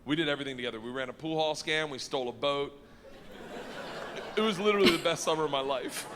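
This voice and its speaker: A man's voice: on the high side, fast talker, very noisy. A man doing stand-up storytelling on stage, rowdy and profane, laughing through his lines. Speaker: stand-up comedian. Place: large stage venue. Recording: live show in a reverberant hall.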